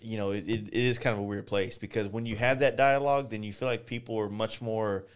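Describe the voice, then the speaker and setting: Blunt, profane podcast host. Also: male voice, fairly low pitch, steady tone, a little fast, clean tone. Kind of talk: casual chat.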